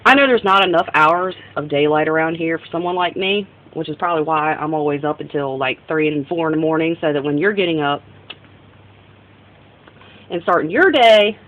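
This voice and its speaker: A woman's voice: deep voice, moderate pace, a bit bright, low-quality recording. Rambling young woman vlogging. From northern United States. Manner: rambling, jumps between topics, self-interrupting. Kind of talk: casual vlog monologue.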